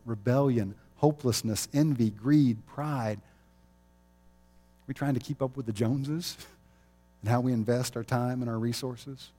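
A man preaching a sermon in a chapel with a mellow, warm voice at a middle pitch. He talks in a conversational way and chuckles often as he teaches. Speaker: pastor.

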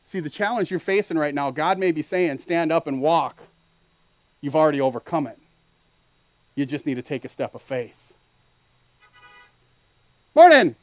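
A man preaching a sermon as pastor, earnest and building to loud animated peaks. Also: on the high side, fairly quick, no echo, rough recording.

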